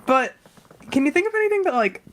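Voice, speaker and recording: A woman's voice: sits high, big pitch swings, fast. Chatty female esports caster. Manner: chatty, giggly, analytical. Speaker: esports commentator. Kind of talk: live fighting game commentary.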